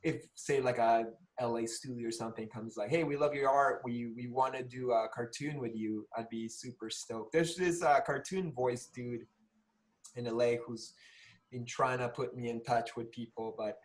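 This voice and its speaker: Male guest, forties, casual, filler-heavy, unhurried. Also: medium pitch. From Peru. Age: 40s. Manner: relaxed, rambling with many fillers. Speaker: guest artist. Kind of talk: casual podcast interview.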